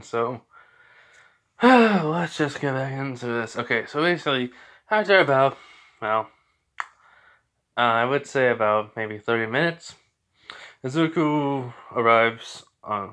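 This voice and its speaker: A man's voice: medium pitch, pushed and bright. A young man casually telling a fan story, rambling with many fillers and corrections.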